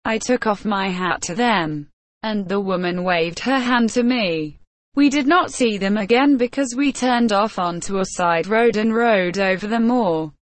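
Woman reading a story out loud, slow and careful, super dry room. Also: medium pitch, dry recording. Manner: slow, measured and plain. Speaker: narrator.

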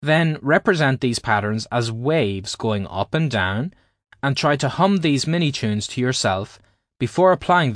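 Man narrating with lively intonation. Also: mid-range voice, no room sound, studio quality. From Ireland. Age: adult, at least 20s. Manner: explanatory, carefully paced teaching delivery. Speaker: author reading his own book. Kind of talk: scripted audiobook narration.

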